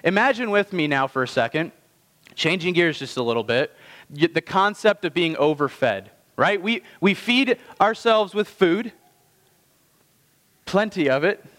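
A man's voice: high voice, animated, fairly bright tone. Man preaching in a reverberant hall. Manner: conversational preaching with slow emphatic phrases. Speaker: pastor. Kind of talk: sermon.

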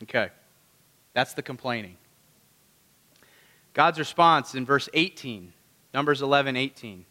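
A man's voice: mid-range voice, measured pace, pauses often, bright, forceful tone, long reverb tail. A man preaching a conversational sermon. He keeps asking the congregation rhetorical questions. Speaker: pastor.

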